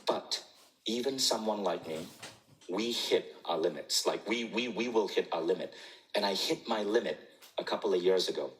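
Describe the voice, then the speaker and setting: A man in his forties with a lowish voice speaks on stage to a live audience. He tells stories with animation, often chuckling. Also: moderate pace, a little hiss or hum, low-quality recording. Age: 40s. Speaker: keynote speaker. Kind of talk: storytelling talk on stage.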